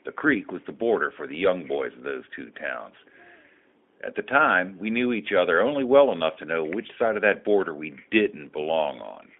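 A man's voice: sits low, very animated, normal speed. A man in his sixties reading a reflective personal memoir aloud in a plainspoken way. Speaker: story contributor. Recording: thin phone-like audio.

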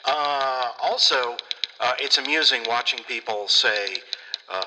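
Slow, rambling man in an echoey room. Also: medium pitch. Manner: rambling and blunt, swears freely, many fillers. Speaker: podcast host. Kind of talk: casual solo podcast chat. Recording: echoey room with clear background noise.

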